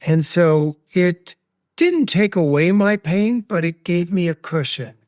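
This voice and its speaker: A man speaking as a guest expert on grief, sharing a personal story in an earnest, measured, heartfelt way. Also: sits high, animated, darkish tone, no room sound, studio quality.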